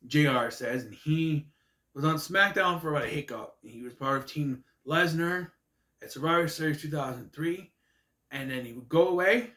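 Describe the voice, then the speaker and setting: A man's voice: a little high, normal speed, pushed and bright. A man rambling through a casual, jokey recap monologue with asides. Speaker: wrestling recap vlogger. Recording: echoey room.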